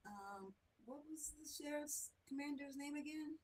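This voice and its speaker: A woman co-hosting a casual talk show, soft-spoken, laughing easily and correcting how names are said. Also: sits high, normal speed. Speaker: co-host. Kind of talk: casual chat.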